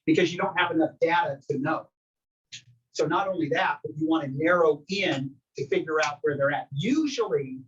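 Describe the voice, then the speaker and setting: Energetic male trainer, distant dull recording. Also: fairly high pitch. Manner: energetic, conversational coaching that asks the group questions. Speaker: real estate trainer. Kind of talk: workshop teaching to a live group.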